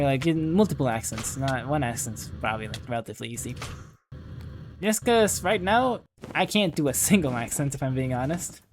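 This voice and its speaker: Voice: mid-range voice, slight background noise. A young adult gaming host rambling through casual gameplay commentary at a desk mic, filling with lots of "like" and poking fun at themself. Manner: rambling and self-deprecating, heavy use of "like".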